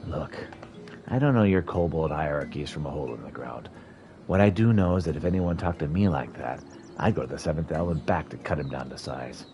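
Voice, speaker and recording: A man's voice: a bass voice, expressive, fairly quick, mellow, faint music behind. A man voicing a brash, blunt warrior woman in a game, scolding in folksy slang. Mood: scornful.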